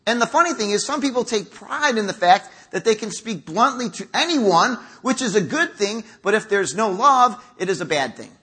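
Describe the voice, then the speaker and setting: A man's voice: high voice, big pitch swings, moderate pace, hardly any pauses, bright, forceful tone, breathy edge. A middle-aged man preaching a conversational sermon in a church, acting out quotes as he goes. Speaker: pastor. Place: church sanctuary.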